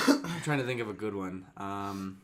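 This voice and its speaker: Laid-back bright-voiced man chatting. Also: fairly low pitch, lively intonation, unhurried. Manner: laid-back, backs others up with short agreements. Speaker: podcast co-host. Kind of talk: casual chat.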